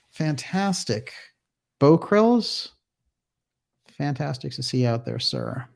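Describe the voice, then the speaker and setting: Pria pembawa acara siaran langsung yang ceria. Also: male voice, on the high side, very animated, very slow, creaky, long pauses. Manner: reads out viewer names and comments, upbeat. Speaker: livestream host. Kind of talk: casual livestream chat.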